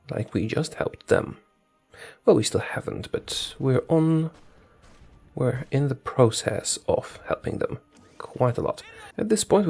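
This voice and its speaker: A man's voice: medium pitch, gravelly, a little mellow, slightly rough. A man giving casual commentary on his strategy game, thinking aloud, talking to his units and correcting himself as he goes.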